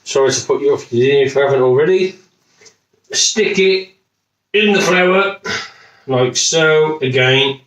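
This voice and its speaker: A man's voice: medium pitch, measured pace, pauses often, a bit bright. A man with a West Midlands accent, from Wolverhampton, chatting jokily and rambling as he demonstrates a recipe at home, swearing now and then. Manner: jokey, rambling, swears casually. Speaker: home cooking video host. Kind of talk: casual cooking demonstration. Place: home kitchen. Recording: echoey kitchen, voice off-mic.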